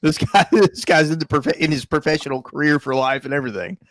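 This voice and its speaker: Man, crude rambling storyteller, slightly high voice, dry close sound. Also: fast, a bit bright, no echo. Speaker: podcast co-host. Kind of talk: crude casual chat. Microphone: online call.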